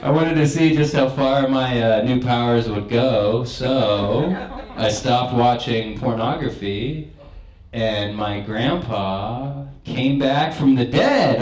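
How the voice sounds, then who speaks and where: A man's voice: medium pitch, slow, a crowd in the background. A young man performing a stand-up set in a comedy club, crude and conversational, laughing at his own jokes. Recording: echoey club room.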